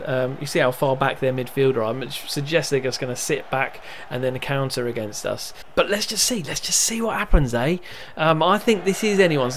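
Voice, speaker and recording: A young man with a medium-pitched voice casually commentates on his own football management game, chatting as he narrates the match and cheering his team on. He erupts with excitement at goals, and there is a little hiss or hum in the recording.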